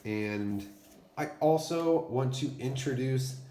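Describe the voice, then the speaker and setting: A man teaching a phonics lesson to first graders and reading them a story, pronouncing each word clearly and deliberately. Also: mid-range voice, animated, mellow, roomy sound. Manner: clear, deliberate enunciation for children.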